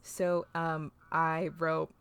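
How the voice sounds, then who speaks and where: A woman on a podcast, chatting loosely with plenty of ums and casual swearing. Her voice sits a little low. The recording is close and very dry. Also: monotone, very slow, a bit bright, smooth, no echo. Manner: chatty, swears freely, laughs often, many fillers. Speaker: podcast co-host recapping an episode. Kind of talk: casual chat.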